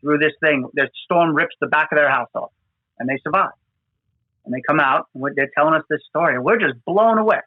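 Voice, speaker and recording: A man's voice: on the high side, a little fast, no room sound. A man, a firefighter hosting a podcast, telling field stories earnestly with many fillers. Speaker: podcast host, FDNY firefighter. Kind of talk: conversational storytelling. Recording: dry, phone-like remote audio.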